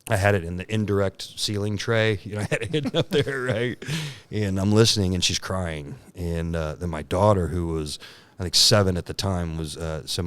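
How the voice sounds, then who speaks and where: A man's voice: sits low, moderate pace, fairly bright tone, smooth. A man in his thirties, a podcast guest, telling a candid personal story in casual talk, laughing often and acting out the lines he quotes.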